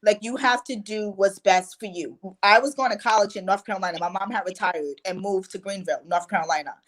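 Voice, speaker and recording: A woman's voice: medium pitch, brisk. A young adult woman from New York, a guest life coach telling her story in a casual chat with lots of "you know" and "like".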